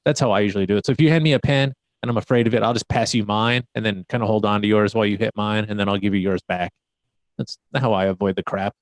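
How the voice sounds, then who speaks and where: Man, cannabis vendor type, fast rowdy storyteller, dry mic. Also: on the low side, no echo. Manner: fast, animated, profane anecdotes. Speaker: show regular, cannabis vendor. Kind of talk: casual storytelling on a live stream.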